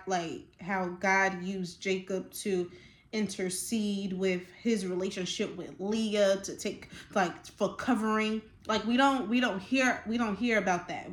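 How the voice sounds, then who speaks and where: Passionate woman host talking in a roomy space. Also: medium pitch. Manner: passionate, gets excited and laughs, slangy asides. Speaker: podcast host. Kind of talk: faith-based casual talk.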